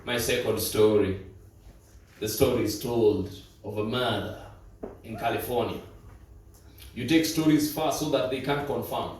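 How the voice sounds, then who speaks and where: A man's voice: medium pitch, a little slow, pauses often, darkish tone. A male preacher delivering a sermon in a church, telling stories dramatically and repeating words for emphasis. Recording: echoey church from far off.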